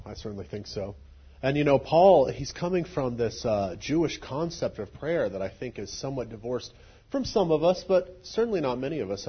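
A male pastor who teaches in a measured, explanatory way. His voice sounds husky, and the recording is muffled. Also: medium pitch. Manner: thoughtful, explanatory. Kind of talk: sermon teaching.

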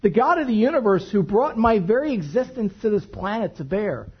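A man preaching a sermon, telling stories in an animated way to his congregation. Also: brisk, slightly rough, dull audio. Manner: animated storytelling preacher, lively pitch. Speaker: pastor.

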